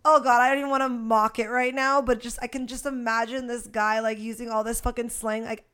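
A woman's voice: a little high, little pitch movement, a little fast, a bit bright, clean tone. A young woman co-hosting a podcast in casual chat, talking bluntly and frankly with a lot of swearing. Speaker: podcast co-host.

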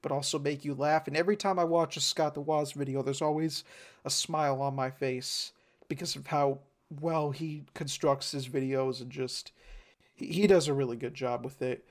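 A man's voice: medium pitch, fairly even intonation, normal speed. A man co-hosting a podcast, chatting casually and enthusiastically, often repeating a word as he restarts a sentence. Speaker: podcast co-host. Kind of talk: casual chat.

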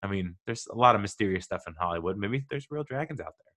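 A man's voice: on the low side, lively intonation, quick pace, a bit bright. Playful rambling male podcast host. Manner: playful, self-mocking, rambling asides. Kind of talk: casual solo podcast monologue.

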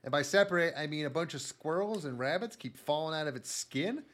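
A man on a podcast recapping an anime with deadpan humor, sometimes putting on loud silly voices. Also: on the high side, fairly quick. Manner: deadpan storytelling, bursts into loud mock voices. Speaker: podcast host. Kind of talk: casual comedic anime recap.

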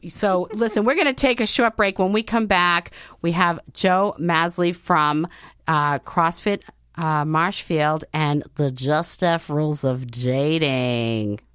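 A woman's voice: low-pitched, slow pace, fairly bright tone, smooth, no room sound, clean studio sound. A woman hosting a radio talk show, telling stories in a chatty way with many restarts and asides. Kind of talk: casual radio chat. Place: radio studio.

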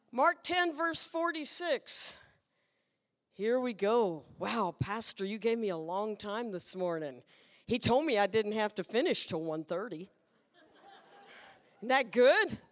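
A woman guest preacher giving a lively, playful sermon and asking the congregation questions. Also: medium pitch, long reverb tail. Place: church sanctuary.

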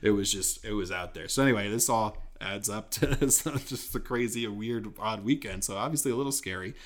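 A man's voice: lowish voice, brisk. Young man telling a story with laughs. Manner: animated storyteller, laughs often, acts out quoted dialogue. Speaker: podcast co-host. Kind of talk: casual chat, storytelling.

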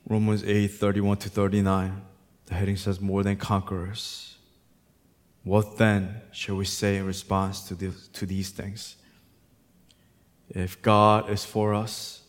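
A male pastor delivers a sermon in a fairly low voice, shifting between quiet, reflective stretches and loud, fervent exhortation built on emphatic repetition.

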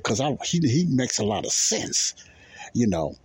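A man's voice: mid-range voice, big pitch swings, brisk, a little mellow, slightly rough, dry recording. A middle-aged man hosting a podcast, talking loosely and repeating himself as he comments on video clips. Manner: loose, repetitive, keeps asking if you understand. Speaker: podcast host.

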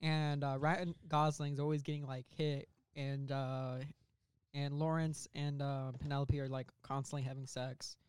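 A man's voice: medium pitch, flat delivery, measured pace, darkish tone, clear, resonant tone. A young man co-hosting a casual podcast, rambling through a story with lots of filler words. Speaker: podcast co-host pitching a movie idea.

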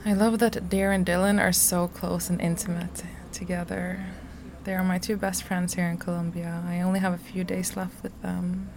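A woman reading aloud from her personal journal, soft and slow, sometimes dropping to a whisper. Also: fairly low pitch, level tone, noisy background. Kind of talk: intimate journal reading, poetry-like.

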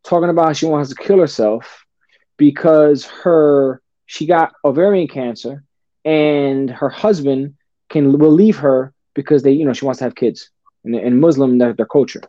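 A middle-aged man telling a personal story as a podcast guest, animated and casual, often calling the host brother or bro. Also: fairly high pitch, normal speed, no echo. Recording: dull, dry lo-fi sound.

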